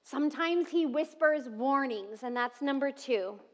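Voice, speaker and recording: A woman in her thirties preaching a sermon, telling family stories and dropping to soft, tender tones. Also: high-pitched, lively intonation, measured pace. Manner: warm storytelling with soft tender asides and laughs. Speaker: pastor. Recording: long reverb of a large hall.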